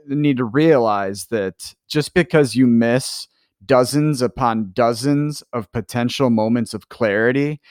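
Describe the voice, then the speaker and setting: A man's voice: medium pitch, no room sound, studio quality. A man hosting an interview, asking reflective, probing questions with hesitant fillers. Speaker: podcast host.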